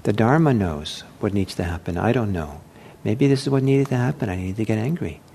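A man gives a meditation talk in a gentle, unhurried way, often pausing on fillers and starting sentences over. His voice sits fairly low and sounds mellow. A faint low rumble runs underneath. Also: animated, gravelly. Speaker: meditation teacher. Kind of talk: dharma talk.

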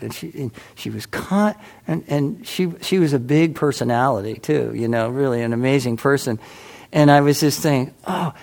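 A man's voice: fairly high pitch, darkish tone. A middle-aged man giving a casual, rambling personal talk at a meditation center, full of restarts and "you know.".

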